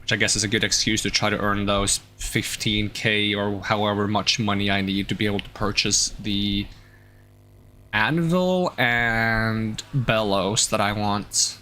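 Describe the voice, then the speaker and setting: A man's voice: on the low side, unhurried, sharp tone, slight background noise. A man streaming a game, thinking aloud in casual, rambling chat with many fillers.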